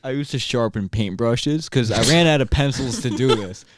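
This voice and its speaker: A man's voice: mid-range voice, moderate pace, no room sound. Young man, mid voice, laid-back prankster telling school tales. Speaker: friend recalling school days. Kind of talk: casual chat among friends.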